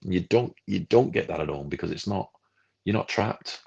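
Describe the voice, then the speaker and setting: A man's voice: sits low, animated, moderate pace, gravelly, a little mellow, slightly rough. A man co-hosting a film club podcast, chatting casually and ranting animatedly, acting out the people he quotes. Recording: dull lo-fi livestream audio.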